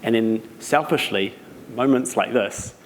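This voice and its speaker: A young man from New Zealand with a New Zealand accent, giving an animated storytelling talk at a live event, laughing as he goes. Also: mid-range voice, unhurried. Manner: animated, laughing as he tells stories. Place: event venue. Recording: reverberant hall, some noise.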